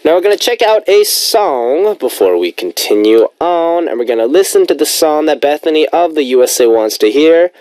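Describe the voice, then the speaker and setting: A man's voice: fairly high pitch, very animated, normal speed, hardly any pauses, darkish tone, dry recording. A young man hosting a radio show in a studio, chatting casually and rambling playfully between listener messages. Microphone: studio microphone.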